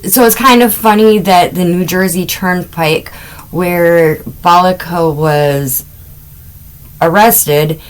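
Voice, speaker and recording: Casting note: middle-aged woman, podcast host, unhurried chatty storytelling, lower voice. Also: poor audio. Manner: chatty, wandering asides, amused laughs. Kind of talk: casual true-crime podcast storytelling.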